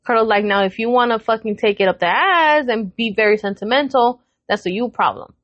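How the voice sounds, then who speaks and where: A woman's voice: a little high, a little fast, no room sound, highs cut off. A woman in her thirties on a podcast, telling a family story in casual chat, swearing freely and acting out what each person said. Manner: animated retelling with quoted voices, frequent swearing. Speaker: podcast co-host.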